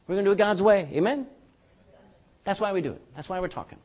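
An older man preaching a sermon as pastor, animated and joking, with rhetorical questions to his congregation. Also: high voice, fast talker, pauses often.

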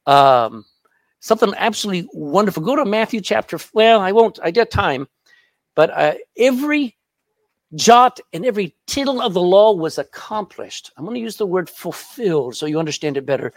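A man preaching a sermon as pastor, emphatic and animated, often turning to the congregation with questions. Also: high voice, normal speed, no echo.

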